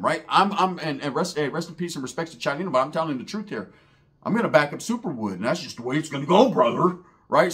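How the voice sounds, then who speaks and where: A man spins a comic story with profane, slang-heavy rambling. His voice sits a little high for a man, loose and conversational. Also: a bit bright. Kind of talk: comedic storytelling.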